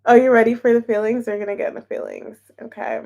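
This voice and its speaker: A woman's voice: fairly high pitch, steady tone, quick pace, gravelly, a little mellow, muffled recording. A woman giving a casual, playful tarot reading, chatting openly and emotionally as she shuffles and pulls cards. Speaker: tarot reader.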